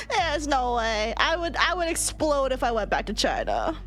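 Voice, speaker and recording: A woman's voice: sits high, wildly swooping pitch, measured pace, fairly bright tone. A young woman streaming a game in casual chat, laughing constantly and swearing freely. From United States.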